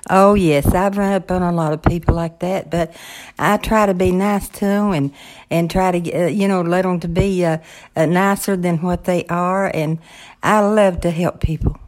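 A woman's voice: fairly low pitch, fairly even intonation, normal speed, a little mellow. An older woman who is a grandmother, chatting plainly from her office with fillers and hesitations. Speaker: podcast co-host. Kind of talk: casual chat.

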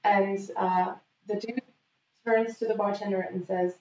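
Lively woman storyteller, roomy distant sound. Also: mid-range voice, a little slow. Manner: lively storyteller acting out quotes. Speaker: guest telling a story. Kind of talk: casual chat. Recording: dull, roomy, off-mic sound.

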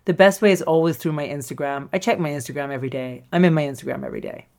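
A woman hosting a solo podcast as a coach, talking in an animated way, often laughing and acting out the voices she quotes. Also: sits low, very fast, vocal fry. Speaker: podcast host and screenwriting coach.

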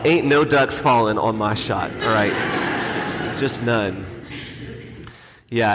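A man's voice: medium pitch, fairly bright tone, a little hiss or hum. A man, a priest, telling a self-deprecating story in a casual, conversational homily. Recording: long hall reverb, faint ambience.

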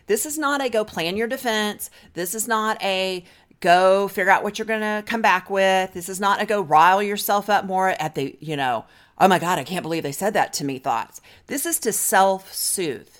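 A woman marriage therapist talking straight to the listener, coaching them with direct, practical advice and slow guided breathing. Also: mid-range voice, animated, fairly bright tone. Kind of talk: advice talk to camera.

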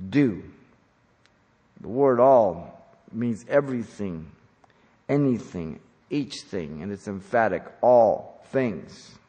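A man preaching an expository sermon as a pastor, emphatic and deliberate, slowing down on key phrases. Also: mid-range voice, darkish tone, breathy edge. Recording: long hall reverb.

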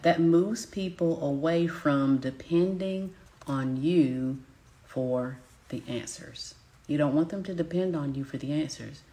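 Southern woman, business coach, low voice, emphatic live-teaching delivery. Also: mellow. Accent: Southern American. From Southern United States. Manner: emphatic, addresses audience directly with repeated check-ins.

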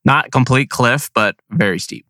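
A man casually telling a hunting story on a podcast, animated and slangy, acting out his own thoughts. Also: medium pitch, moderate pace, no room sound.

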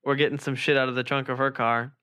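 A man's voice: mid-range voice, fast, smooth, dry recording, clean studio sound. Swearing young man telling a story. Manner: swears constantly, animated storytelling. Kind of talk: casual chat.

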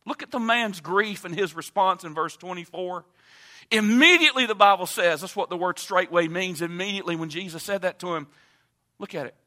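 A man preaching a sermon in a church, moving from quiet teaching to loud, impassioned appeals. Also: fairly quick. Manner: builds from low calm to loud impassioned preaching. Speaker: pastor. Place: church sanctuary.

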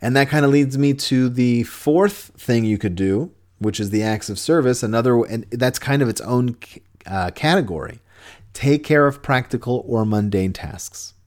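Here a male podcast host talks through relationship advice, earnest and conversational, with many restarts. His voice is mid-range and darkish, delivered at a normal speed.

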